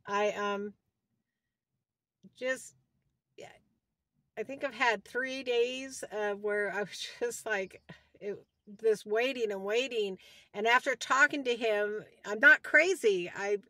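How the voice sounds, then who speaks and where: A devout woman in her sixties talks into her phone in a heartfelt, rambling way, circling back to the same words and praising God between thoughts. Her voice sits a little high for a woman. The sound is close and dry, with no room around it. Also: slow, pauses often, bright, forceful tone, no echo. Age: 60s. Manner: heartfelt and rambling, often repeating herself. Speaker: vlogger giving a personal health update. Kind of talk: casual talk to camera.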